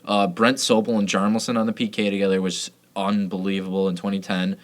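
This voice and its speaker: A man's voice: fairly low pitch, little pitch movement, fairly quick. A man co-hosting a sports podcast, chatting casually and reeling off player names and stats. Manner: laid-back, rattles off player names and stats. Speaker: podcast co-host.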